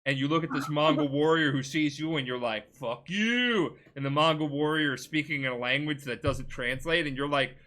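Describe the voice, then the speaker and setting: A man's voice: fairly high pitch, fairly even intonation, a little fast, hardly any pauses, sharp tone. A tipsy man hosting a casual podcast, rambling, swearing and giggling as he retells a game plot. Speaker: podcast host.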